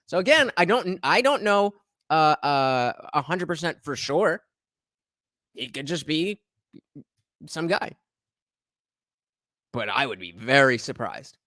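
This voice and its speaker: Brief: American man, clip-reaction host, lively rambling delivery, dry close sound. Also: fairly high pitch, slow, long pauses, no room sound. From United States. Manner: rambling, many filler sounds and restarts. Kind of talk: casual commentary.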